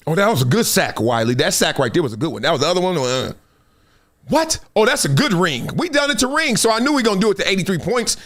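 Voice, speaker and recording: A middle-aged man hosting a live sports show, speaking up high and swinging his pitch wildly from line to line. He is emphatic and addresses his viewers directly, slipping into quick impressions of the people he talks about. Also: a bit bright. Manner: emphatic, talks straight to viewers, acts out other people's lines. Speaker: host. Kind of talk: animated live sports commentary.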